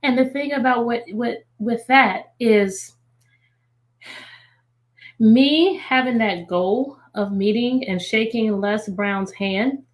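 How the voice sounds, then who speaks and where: A woman's voice: a little high, takes it slowly. Earnest woman speaking emphatically. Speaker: guest, motivational speaker. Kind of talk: earnest testimony on a video call.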